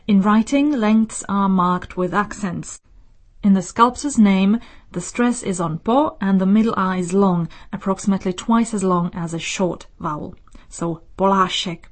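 A woman hosting a radio listener mail show, reading her script in a measured, explanatory way from a studio. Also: medium pitch, a little mellow.

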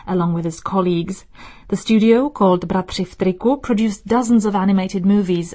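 A woman hosting a radio listener mail show, reading her script in a measured, explanatory way from a studio. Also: mid-range voice, a little mellow.

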